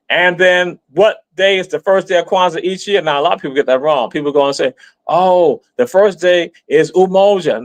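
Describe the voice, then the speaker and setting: A man's voice: on the high side, fairly bright tone, no echo. A man giving an explanatory live stream talk in an emphatic, teacherly way, repeating himself and spelling words out letter by letter.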